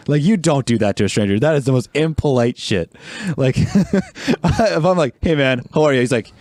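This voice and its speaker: A man's voice: mid-range voice, animated, moderate pace, darkish tone, no echo, studio quality. A young man in his twenties talking casually as a podcast guest. He acts out voices in his stories and laughs often. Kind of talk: casual chat.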